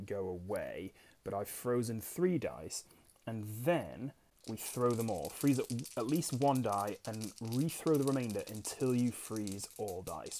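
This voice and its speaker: A man with an English accent and a fairly low voice talks through a solo dice game. His commentary is loose and self-deprecating, and he mixes read-out rules with musing asides. A faint hiss sits under the recording. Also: darkish tone. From England. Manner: chatty, self-deprecating, reads rules aloud and muses. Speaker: board game channel host. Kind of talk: casual solo gameplay commentary.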